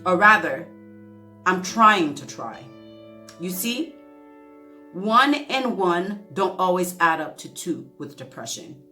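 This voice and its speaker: A woman's voice: fairly low pitch, sing-song, bright, forceful tone, faint music behind. A woman vlogger speaking earnestly to her viewers and reading a heartfelt letter aloud, fighting back tears, sometimes tripping over words. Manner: earnest, emotional, halting reading with self-corrections. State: close to tears.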